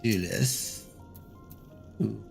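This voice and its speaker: A man's voice: lowish voice, extremely slow, gravelly, a little mellow, faint music behind. A man casually commenting on a game as he plays, chatty and self-deprecating. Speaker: gaming streamer.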